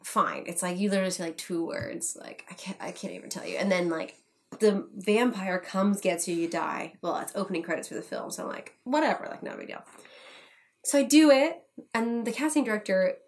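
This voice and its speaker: A young woman telling a funny story in casual chat, animated, swearing, acting out the people she quotes. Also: medium pitch, brisk. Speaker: podcast guest.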